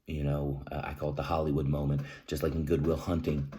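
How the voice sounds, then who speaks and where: In a warm, level bass voice, a man vlogs earnest advice to the camera based on what he's been through, clearly emotional. He's emphatic and repeats important phrases, says "right?" often, and clears his throat as he stumbles and starts over.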